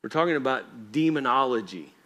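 Male pastor, conversational and emphatic preaching, regular pitch, asks the room if they're with him. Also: expressive, a little fast, a bit bright. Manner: conversational and emphatic, often asks the congregation if they follow. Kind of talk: sermon. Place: church.

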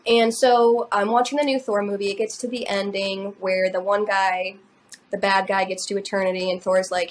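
A woman's voice: mid-range voice, level tone, normal speed, a little hiss or hum. A young adult woman co-hosting a podcast, telling a personal story in casual chat, emotional and rambling with many fillers. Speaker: podcast co-host.

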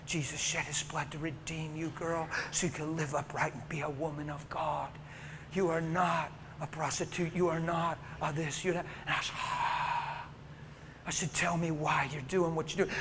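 A man preaching a sermon as he tells a story, dropping to a hush and rising to a shout. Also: a little high, steady tone, moderate pace, noisy background.

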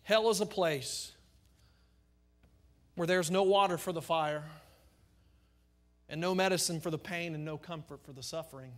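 A man's voice: on the high side, normal speed, long pauses. A man preaching a fervent sermon as pastor, building rhythmic repeated phrases.

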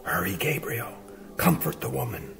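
A man reading a storybook, voicing God in heaven in a quiet, hushed, urgent tone. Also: lowish voice, lively intonation, a little slow. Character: God in heaven, a calm urging elder male voice.

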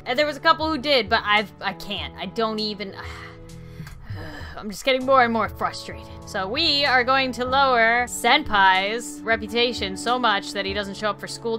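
Woman, let's play host, bright tone, slightly high voice, exclamatory, playfully menacing. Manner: excitable and exclamatory, openly frustrated; playfully menacing toward the game character. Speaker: gaming video host.

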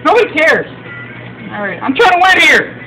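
A young man vlogging while playing an arcade coin game, excitable and quick to frustrated shouting and swearing. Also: very high voice, poor audio. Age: teens or young adult. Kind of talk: casual vlog commentary while playing. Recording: loud background music in an arcade.

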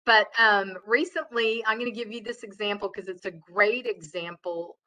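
Chatty bright-voiced woman trainer. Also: mid-range voice, moderate pace, poor audio. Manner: chatty, loud, many fillers and restarts. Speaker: customer service trainer. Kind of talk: casual webinar lecture.

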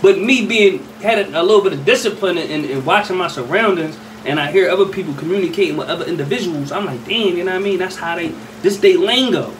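This young man from Philadelphia has a high-pitched, fairly bright voice. Picked up by a slightly distant mic with faint noise around him, he rambles through a street story in slang, repeating "you know what I mean" again and again.

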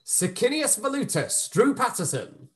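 An upbeat man hosts the wrap-up of a live online show. He sounds effusive and his voice sits high and moves around a great deal. He is heard over a video call. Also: big pitch swings, unhurried. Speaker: host and director.

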